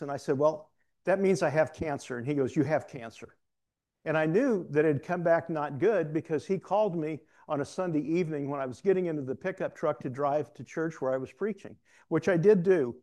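A man's voice: on the high side, mellow. A man, a preacher, giving a candid testimony to a room, storytelling with self-deprecating humor. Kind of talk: testimony sermon. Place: room with an audience.

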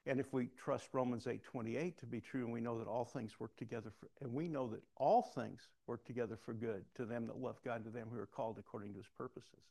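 A man delivers a sermon in a loose, conversational way, laughing at himself as he tells a personal story. His voice is gravelly with a noticeable fry and sits at an ordinary pitch. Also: fairly even intonation, a little fast, few pauses, dark tone. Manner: conversational, self-deprecating storytelling. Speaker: preacher.

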